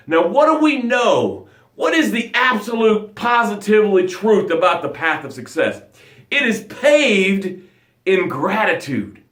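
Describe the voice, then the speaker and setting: A male motivational coach on a live broadcast, his pitch running a little high and swinging widely as he talks. He acts out little quoted voices as he goes. The sound is roomy, with a clear echo around him. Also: a bit bright.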